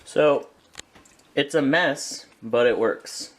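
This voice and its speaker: A man's voice: medium pitch, drawn-out words. A man talking casually in a home vlog, chatty and self-mocking, with a kitchen around him. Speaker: vlogger.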